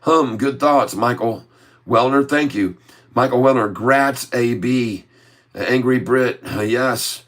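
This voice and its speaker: A middle-aged American man hosting a casual stock-trading livestream, reading viewer comments aloud and answering them in a relaxed, chatty way. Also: medium pitch, takes it slowly. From USA. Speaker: livestream host reading chat.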